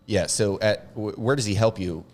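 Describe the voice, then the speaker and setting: A man co-hosting a casual podcast chat about real estate, talking in quick, emphatic bursts with joking asides. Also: lowish voice. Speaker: co-host.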